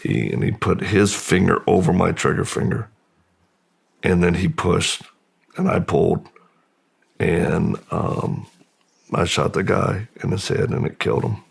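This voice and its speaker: A middle-aged man speaks as an interview guest, slow and halting, often pausing and restarting. His voice sits very low and is deeply gravelly. It is husky throughout. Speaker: podcast guest. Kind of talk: personal testimony in a long-form interview.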